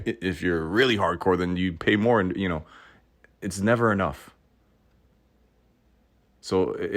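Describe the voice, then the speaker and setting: Man, very low voice, podcast host, reflective monologue, wry asides, self-questioning.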